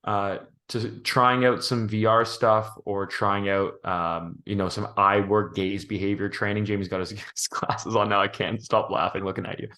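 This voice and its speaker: A man co-hosting a podcast, thinking out loud in a rambling, thoughtful way with many restarts. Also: fairly low pitch, fairly even intonation, normal speed, hardly any pauses. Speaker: podcast co-host. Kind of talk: casual podcast chat.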